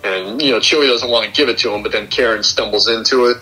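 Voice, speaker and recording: A young man on a podcast casually walks through a film's plot scene by scene, performing the characters' lines in a laid-back review chat. His lowish voice comes fast, pushed and bright, over faint music in a low-quality recording.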